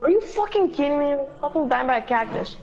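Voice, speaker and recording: A woman gamer in voice chat, panicky and swearing as she yells at her teammates. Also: sits high, animated, quick pace, muffled recording. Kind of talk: gaming voice chat. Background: game music.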